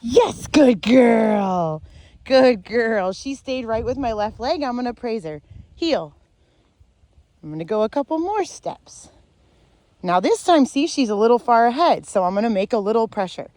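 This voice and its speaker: A woman's voice: fairly high pitch, sing-song, fairly quick, a little mellow, dry recording. A woman dog trainer walking a dog outdoors, explaining each step of her method to viewers and stopping to praise the dog. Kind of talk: instructional demonstration while walking a dog.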